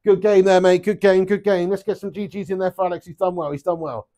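Guy on a live darts stream, swears loads, shouts at bad throws, bit high voice. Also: quick pace. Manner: swears a lot, excitable outbursts, chats to viewers. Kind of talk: live stream chat while playing darts.

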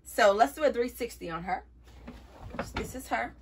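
Chatty, lively-voiced woman reviewing a wig. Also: on the high side, moderate pace, slight background noise. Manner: chatty and playful, addresses viewers as y'all. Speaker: beauty vlogger. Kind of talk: casual wig review chat.

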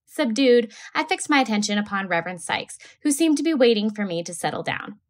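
A woman teacher reading a novel aloud to a class with a steady, clear delivery. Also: mid-range voice, a little fast.

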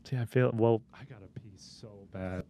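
A man's voice: lowish voice, fairly even intonation, moderate pace, warm tone. Sheepish, hesitant man in podcast banter. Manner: sheepish, hesitant, laughs often. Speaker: podcast co-host.

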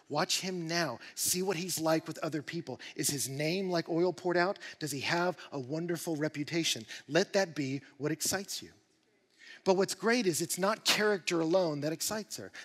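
A male pastor preaching a sermon in an animated, emphatic way, with rising bursts of energy. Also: fairly high pitch, long reverb tail. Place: church auditorium.

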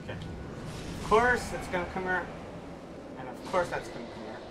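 A man streaming a video game, talking casually to his viewers and reacting excitedly as he plays. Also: high-pitched, moderate pace, background noise. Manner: excitable, talks to viewers while playing. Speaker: gaming streamer. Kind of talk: casual let's-play commentary.

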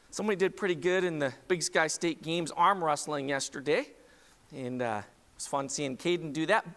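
A man preaches to his congregation in a loose, conversational way, often turning to ask them questions directly. His voice sits a little high for a man. The sound rings out with a long reverb from the church hall around him. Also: fairly bright tone. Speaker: pastor. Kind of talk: sermon. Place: church sanctuary.

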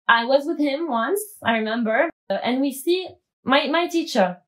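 A woman guest telling her story in a podcast interview, animated and acting out quoted dialogue, with frequent restarts. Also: high-pitched, normal speed.

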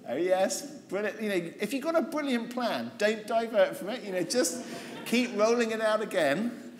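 A man's voice: high voice, normal speed. Man teaching in an echoing hall. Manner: lively, humorous, ironic storytelling, acting out voices. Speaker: Bible teacher. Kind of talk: expository Bible seminar. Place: large convention hall. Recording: roomy hall reverb, faint noise.

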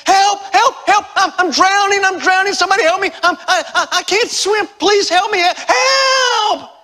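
A man's voice: extremely high pitch, normal speed, bright, forceful tone, big-room sound, pitched above the performer's own voice. A man playing a panicked man who is drowning alone, crying out in terror. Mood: panicked screaming. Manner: screaming, frantic, pleading.

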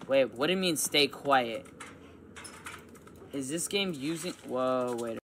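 A man doing panicky, excitable commentary as he plays a horror video game. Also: medium pitch, slow, a little hiss or hum. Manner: excitable, panicky outbursts and yelling. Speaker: gaming YouTuber. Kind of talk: let's play reaction commentary.

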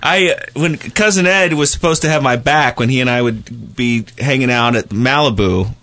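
A man hosting a radio show, chatting loosely and telling stories in an animated way. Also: mid-range voice, normal speed, slight background noise. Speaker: radio host. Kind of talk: casual studio banter. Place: radio studio.

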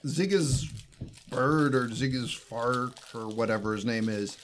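A man's voice: mid-range voice, measured pace, slight background noise. A man co-hosting a podcast, retelling a movie plot in casual chat and laughing often. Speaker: podcast co-host.

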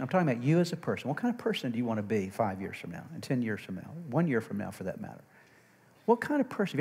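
A male pastor preaching a sermon. He engages the congregation with call-and-response checks and swings from loud, emphatic preaching to quiet asides. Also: mid-range voice, slightly rough. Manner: call-and-response, frequent "amen?" and "okay?" checks. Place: church sanctuary. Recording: long reverb of a large church hall.

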